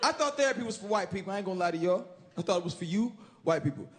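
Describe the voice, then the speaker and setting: A man performing a stand-up comedy set on stage, loud and animated, jumping into high yelling voices. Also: racing. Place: stage in front of a live audience. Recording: loud crowd laughter and room noise.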